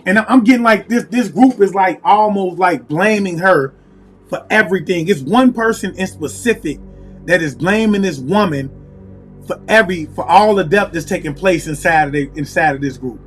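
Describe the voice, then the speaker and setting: A high-voiced man gives a casual tarot reading at a moderate pace, thinking out loud and repeating himself as he calls on spirit. Faint, soft music plays in the background.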